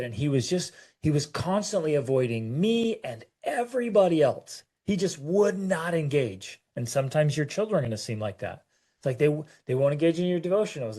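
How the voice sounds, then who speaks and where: A man co-hosting a parenting talk, telling a personal story in a halting, emotional way, full of restarts and repeated words. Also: on the high side, warm tone. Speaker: parenting show co-host.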